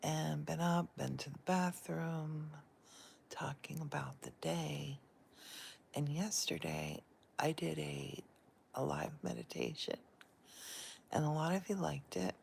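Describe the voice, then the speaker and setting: Woman, soft whisper, guided meditation, deep voice, very gravelly, croaky from sleep, in bed, phone mic. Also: expressive, a little hiss or hum. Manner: soft whispering, gentle and unhurried. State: croaky, just woken up. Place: in bed, indoors. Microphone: handheld phone camera.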